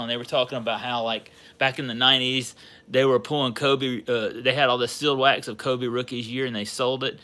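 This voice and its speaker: Excitable Southern man rambling on a livestream. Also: medium pitch. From Georgia, US. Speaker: sports card channel host. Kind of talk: casual livestream chat.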